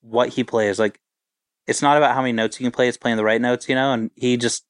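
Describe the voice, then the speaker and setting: Laid-back rambling guitarist, even smooth voice. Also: male voice, medium pitch, fast talker, dry recording. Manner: rambling, laid-back, full of filler words. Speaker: touring band guitarist. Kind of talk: casual interview storytelling.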